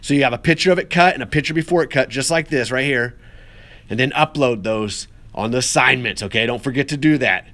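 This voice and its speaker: Brisk, pushed, and bright at a medium pitch, a man runs a casual pottery class, talking as he works the clay. He's upbeat and encouraging with his students throughout the demonstration.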